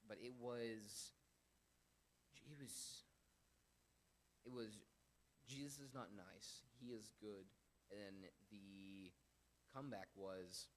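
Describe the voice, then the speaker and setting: A young man in his twenties hosting a casual faith podcast, rambling and animated as he tells stories and acts out quotes. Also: on the low side, slow pace, pauses often, a little hiss or hum. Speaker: podcast host.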